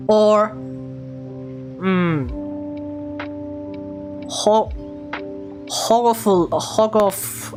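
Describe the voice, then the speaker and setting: A woman's voice: mid-range voice, expressive, slow pace, long pauses, soft background music. An Australian woman live streaming, thinking aloud as she sounds out and repeats unfamiliar foreign words. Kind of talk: casual live-stream chat.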